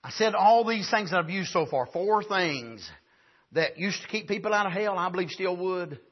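A man preaching a sermon at a camp meeting, punctuating with frequent "amen" and building up to shouts. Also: high-pitched, animated, moderate pace, dull audio.

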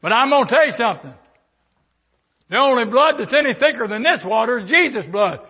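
Older male preacher, high-pitched, fervent, dull lo-fi church tape. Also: animated, brisk, breathy edge. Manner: fervent preaching, swings from quiet to shouting. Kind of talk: sermon.

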